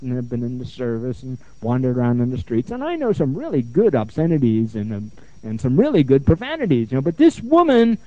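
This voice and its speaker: A middle-aged man, a therapist, lectures with animated storytelling and repeats phrases for emphasis. His voice sits fairly high and swings widely in pitch, yet the tone stays mellow. The recording is dry and dull. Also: dry recording. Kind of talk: lecture with anecdotes. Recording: dull, muffled lo-fi sound.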